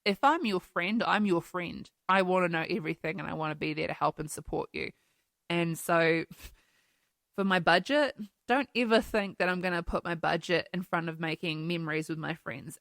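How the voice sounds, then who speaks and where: A woman's voice: on the low side, gravelly, a bit bright, dry recording, studio quality. Candid, emotional woman podcast host. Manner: candid and emotional, laughs often, swears casually. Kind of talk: casual solo podcast chat. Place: New Zealand home.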